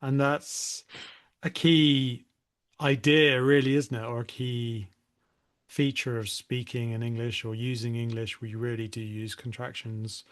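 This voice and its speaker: A man's voice: mid-range voice, little pitch movement, unhurried. A man co-hosting a casual English-learning podcast, conversational and hedging, often ending with tag questions. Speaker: podcast co-host, English teacher.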